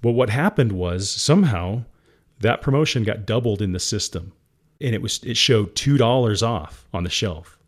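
A man's voice: fairly low pitch, lively intonation, moderate pace. A man guest in an interview, candidly recounting a hard business moment, getting teary and laughing often. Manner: emotional, laughs often, calls the host "guy". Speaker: guest entrepreneur.

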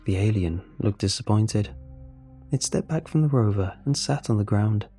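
Low, gravelly male storyteller. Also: lively intonation, normal speed, warm tone. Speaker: narrator. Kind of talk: first-person story narration. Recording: faint music underneath.

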